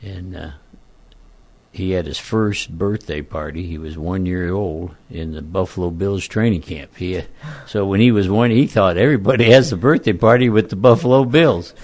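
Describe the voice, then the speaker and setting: An older man and former football coach, telling folksy, rambling stories in a croaky voice as a radio guest. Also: deep voice, normal speed, darkish tone. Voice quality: croaky, frog-like voice. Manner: folksy, rambling, self-deprecating. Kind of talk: casual radio interview storytelling.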